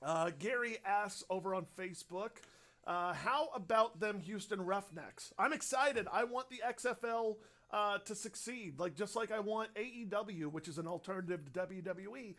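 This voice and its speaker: A man's voice: high-pitched, moderate pace, fairly bright tone. A young man hosting a radio show livestream, rambling casually and upbeat as he reads out viewer questions. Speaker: radio host.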